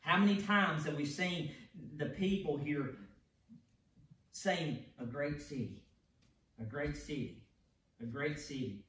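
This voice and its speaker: In a church sanctuary, a pastor preaches an evening sermon, speaking slowly with long pauses in a somewhat high, slightly bright voice. He is emphatic, frequently repeating words and starting phrases over. Heard from afar in an echoey church, the audio carries slight background noise.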